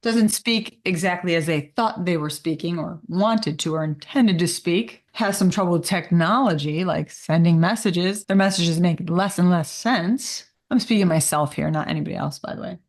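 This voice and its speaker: A woman co-hosting a podcast, speaking candidly and wryly, her words at times slurring and rushing together. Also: fairly low pitch, a little mellow. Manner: wry, candid, sometimes slurred and rushed speech. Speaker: podcast co-host. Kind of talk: casual conversational podcast talk.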